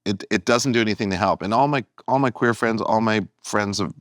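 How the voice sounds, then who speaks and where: A male guest comedian talking in casual conversation, rambling and animated with many restarts. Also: on the low side, brisk, dry recording, studio quality.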